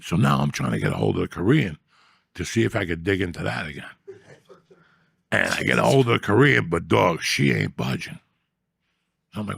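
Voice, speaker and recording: A man with a low, gravelly voice tells crude, profane stories in a loose, chatty way, slipping into the voices of the people he quotes. The sound is close and dry. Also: lively intonation, a little fast, long pauses, fairly bright tone, no room sound. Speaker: storyteller guest. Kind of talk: casual storytelling chat.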